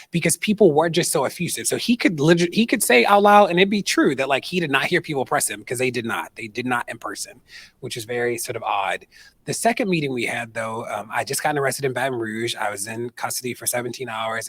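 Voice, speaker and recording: Male activist speaker, 30s, husky, animated storyteller who acts out the people he quotes. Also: medium pitch. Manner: animated, quotes people in put-on voices, conversational with fillers. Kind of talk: storytelling on stage, answering audience question. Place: stage at an event.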